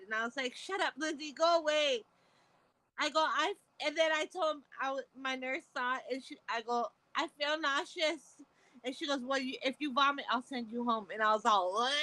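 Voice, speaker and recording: A woman's voice: high-pitched, sharp tone, dry recording. A middle-aged woman chatting on a video call, telling rambling stories with frequent laughter and casual swearing. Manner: rambling, laughing storyteller who swears freely. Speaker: guest caller on a live stream. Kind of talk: casual chat.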